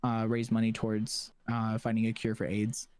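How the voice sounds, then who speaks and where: A young man, a streamer guest in a casual interview, talking in a halting way with many fillers and restarts. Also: lowish voice, completely flat delivery, a little mellow, clear, resonant tone.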